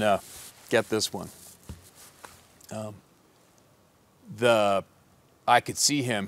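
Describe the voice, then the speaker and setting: A man's voice: on the low side, a bit bright, smooth. A man who works as a hunting guide, telling a story in a blunt, profane, rambling way with lots of fillers. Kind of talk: casual storytelling.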